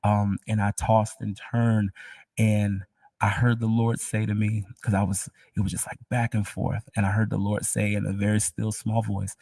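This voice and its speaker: A man with a low, gravelly, husky voice tells his faith testimony in a halting, emotional way. He often sinks to a near whisper and keeps a flat, even tone. The sound is dry and picked up from some distance away from the mic. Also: no echo.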